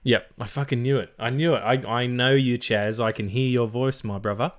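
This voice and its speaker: A man's voice: medium pitch, steady tone, moderate pace. An Australian man hosting a film podcast in loose, casual chat. His voice sits in a middle range, and he rambles, restarts and swears freely. He laughs often as he talks. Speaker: podcast host.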